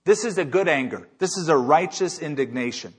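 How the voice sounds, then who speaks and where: A man's voice: fairly high pitch, expressive, a little fast, slightly rough. A man preaching a sermon as a pastor, emphatic, with rhetorical questions and repeated phrases.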